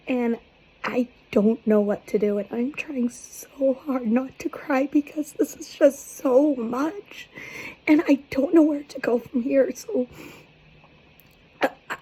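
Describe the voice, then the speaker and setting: A woman in her twenties talking to camera in a personal video, speaking softly with a halting, near-whispered delivery. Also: on the high side, breathy edge, poor audio. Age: 20s. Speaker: vlogger seeking advice.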